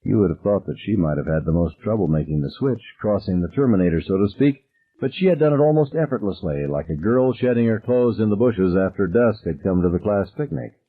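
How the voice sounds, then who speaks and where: Male narrator, audiobook, husky, animated delivery, tinny phone-like audio. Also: fairly low pitch, brisk. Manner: dramatic and expressive.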